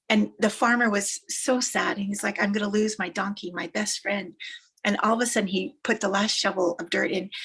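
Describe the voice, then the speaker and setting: Woman, motivational speaker, husky voice, emphatic storytelling, repeats lines. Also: medium pitch. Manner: animated, emphatic, repeats phrases for effect.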